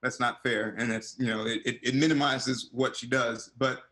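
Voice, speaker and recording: A man in his forties, an actor, chatting as an interview guest over a video call and telling stories animatedly, with loud excited quotes. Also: mid-range voice, moderate pace, low-quality recording. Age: 40s.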